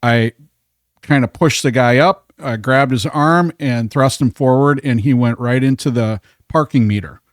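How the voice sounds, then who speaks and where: A man from Minnesota telling a story as a podcast guest in a bar, animated, acting out the quotes. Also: mid-range voice, measured pace, no room sound, clean studio sound. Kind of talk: casual storytelling.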